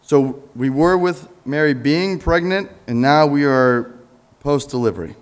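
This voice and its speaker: Conversational preacher, man, fairly high voice. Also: animated, measured pace. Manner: conversational, asks the congregation questions and answers them; jokes with the congregation. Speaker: pastor. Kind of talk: sermon. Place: church sanctuary.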